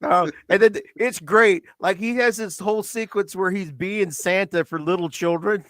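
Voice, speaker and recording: A man's voice: high voice, moderate pace, a bit bright, dry recording, studio quality. A man co-hosting a podcast, retelling a movie in casual chat with lots of laughs and fillers. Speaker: podcast co-host.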